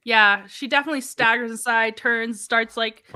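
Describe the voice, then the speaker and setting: A woman's voice: a little high, steady tone, normal speed, pushed and bright. A woman playing a tabletop role-playing game, eagerly describing her character's actions. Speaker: player.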